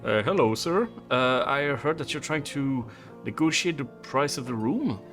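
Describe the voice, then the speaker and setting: A man voicing a brusque male hotel manager with a heavy put-on Italian accent, talking fast in a tabletop role-play. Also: mid-range voice, expressive, fairly bright tone, faint music behind, close to an everyday voice. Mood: bargaining. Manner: fast, smooth haggling.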